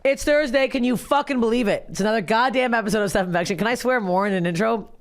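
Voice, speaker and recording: A woman comedian from Canada hosting her podcast, profane, loud and brash in casual chat. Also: fairly high pitch, fast, gravelly.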